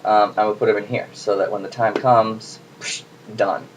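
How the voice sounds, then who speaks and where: In a noisy home recording, a man hosts a casual cooking video from his kitchen, chatting and joking to the camera while he works. His voice is on the low side, delivered flatly at normal speed.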